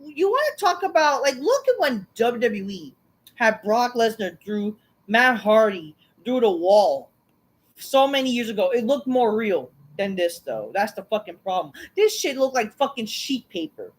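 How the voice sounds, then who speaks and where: Woman ranting sarcastically, swears nonstop, kinda high voice, brushes everything off. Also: big pitch swings, unhurried, low-quality recording. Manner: sarcastic, dismissive, heavy swearing. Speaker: wrestling show reviewer, channel host. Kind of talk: profane ranting recap.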